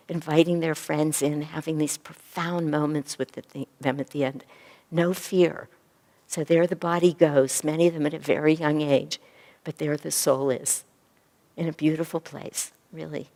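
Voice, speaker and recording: A woman teaching a spiritual yoga class, talking earnestly and often softly to a group. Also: low voice. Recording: echoey hall recording.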